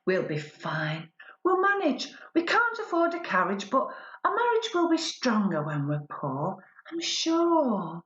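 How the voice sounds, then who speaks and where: A woman's voice: high-pitched, very animated, a little slow, hardly any pauses, a bit bright, echoey room, highs cut off, pitched above the performer's own voice, heavily acted. A woman playing a pampered wife, sardonic. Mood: mock-cheerful. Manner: mock-cheerful, sardonic. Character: pampered newlywed woman imagining life poor. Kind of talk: spoken word poetry performance.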